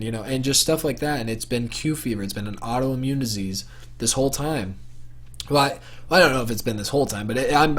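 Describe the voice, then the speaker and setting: A young man telling a personal story to camera for his vlog in a casual, rambling way, full of fillers and restarts. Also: mid-range voice. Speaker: vlogger.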